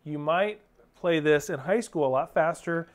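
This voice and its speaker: A man's voice: fairly high pitch, measured pace. A man teaching drum rudiments step by step, patiently calling out counts and stickings. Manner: counts beats and calls stickings aloud; patient, plain coaching. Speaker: drum instructor. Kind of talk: step-by-step music lesson. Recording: clear clicking noise behind voice.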